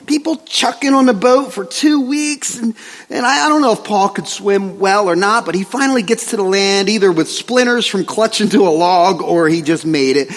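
A male pastor preaching a sermon in a joking, animated way, often asking the congregation questions. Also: sits high, moderate pace. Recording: long hall reverb.

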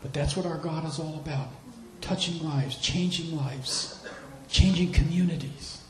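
Animated preacher man in echoey room. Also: on the high side, unhurried, very noisy. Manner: animated storytelling, repeats phrases for emphasis. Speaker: missionary preacher. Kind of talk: sermon with storytelling.

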